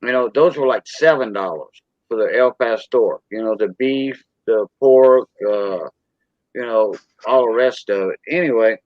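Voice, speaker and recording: A Cajun man from South Louisiana hosting a live stream and chatting loosely, tossing in lots of "you know" as he rambles. His voice sits at an ordinary middle pitch. The recording is dry and close, with no room sound. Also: a little slow, no room sound, muffled recording. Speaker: stream host. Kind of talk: casual chat on a live stream.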